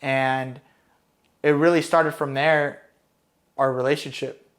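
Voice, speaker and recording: A man's voice: medium pitch, flat delivery, slow pace, a bit bright. A man, a military veteran from Los Angeles County, telling war stories in a casual, profane, rambling way with lots of fillers. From Los Angeles County, California. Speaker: Marine combat veteran guest. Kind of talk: casual storytelling.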